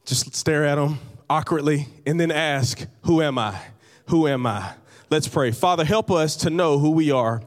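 A man's voice: a little high, a little slow. A man pastor preaching a sermon to his congregation, conversational, with repeated phrases and light humor. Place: church hall. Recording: long reverb of a large hall.

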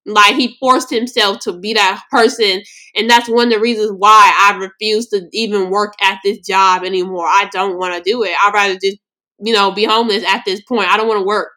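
Young woman, podcast host, from Los Angeles, casual storytelling, blunt, emotional, bright tone. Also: mid-range voice, normal speed. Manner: emotional, blunt, slangy and animated.

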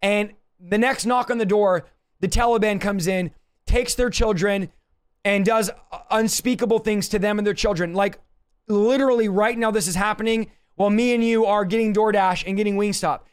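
A man's voice: sits high, steady tone, normal speed, clear, resonant tone. A man pastor, livestreaming a Bible teaching from his home office in an urgent, emphatic preaching manner.

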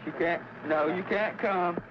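A man with a Texas accent speaking haltingly to his mother in an archival telephone recording. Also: sits high, steady tone. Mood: subdued. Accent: Texan. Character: young man confessing by phone to his mother. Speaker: caller in archival phone recording. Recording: muffled archival phone recording with loud noise.

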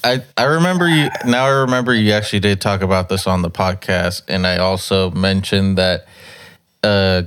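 A man's voice: low voice, normal speed, fairly bright tone, clean tone. A man co-hosting a podcast, cutting in with casual, joking remarks. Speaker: podcast co-host. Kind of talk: casual chat.

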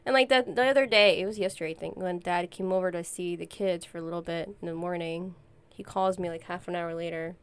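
A woman's voice: on the low side, steady tone, quick pace, clear, resonant tone. Chatty young woman laughing between stories. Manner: chatty storyteller, laughs often, many fillers. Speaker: podcast co-host. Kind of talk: casual chat.

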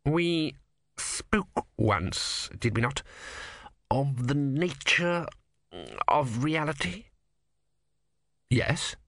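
A man voicing a cold, menacing male religious leader who speaks slowly, deliberately and sharply. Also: mid-range voice, big pitch swings, fairly bright tone, no room sound, studio quality, exaggerated voice.

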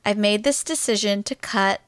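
A woman's voice: mid-range voice, moderate pace, smooth, no echo, studio quality. A woman in her thirties, a podcast co-host, chatting playfully and laughing often. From Philippines heritage. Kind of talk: casual chat.

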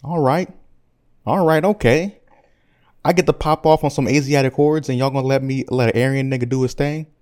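A man's voice: medium pitch, fairly even intonation, brisk, darkish tone, clear, resonant tone, voice pushed up, lightly acted. A man voicing a brash, street-talking comic dictator with loose slangy delivery. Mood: boastful.

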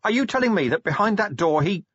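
A man's voice: high-pitched, lively intonation, fast, a bit bright, slightly rough, dry recording, highs cut off, pitched above the performer's own voice, full character voice. A man reading the part of a blunt, weary middle-aged male watch commander in an audiobook. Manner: blunt, wry.

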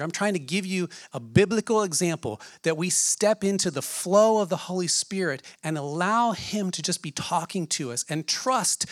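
A man's voice: a little high, no echo, clean studio sound. A man preaching a sermon in an earnest way, asking his listeners many questions. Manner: earnest, asks the audience questions.

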